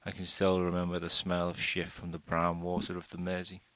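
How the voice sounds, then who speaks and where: A man reading a first-person short story aloud in a steady, unhurried way. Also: deep voice, dry recording. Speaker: audiobook narrator.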